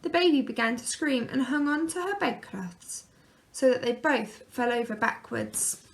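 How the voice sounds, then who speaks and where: A woman reading a children's picture book aloud, gently and expressively. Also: a little high, moderate pace, gravelly. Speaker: storyteller.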